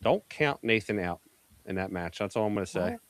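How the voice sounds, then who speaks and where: A man's voice: fairly low pitch, expressive, fairly quick, no room sound. A man from Philadelphia telling brash, profane stories in a casual podcast chat. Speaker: pool media executive, guest.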